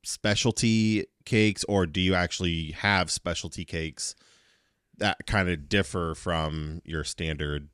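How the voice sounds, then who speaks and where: A woman hosting a podcast, asking slow, hesitant questions in a casual interview. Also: a bass voice, dry recording, studio quality. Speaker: podcast host.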